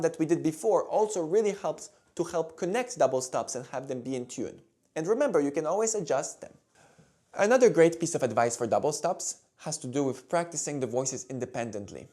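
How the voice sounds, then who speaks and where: Male music teacher; steady, patient instruction with a lively melodic voice. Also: a little high. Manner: calm, clear, demonstrative teaching. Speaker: violin teacher. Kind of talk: instructional video talk.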